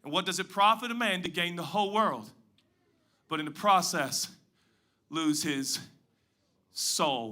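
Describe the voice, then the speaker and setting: A man preaching a sermon as pastor, moving between loud emphatic lines and quiet hushed asides. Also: sits high, expressive, a little slow, long pauses. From Pacific Northwest.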